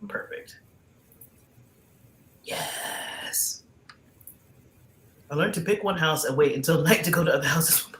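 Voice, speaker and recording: A woman chatting casually on a stream, from the American South, an animated storyteller with loud laughs, currently sick. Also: low-pitched, slow pace, pauses often. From Southern United States. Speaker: co-host. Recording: roomy echo, faint background noise.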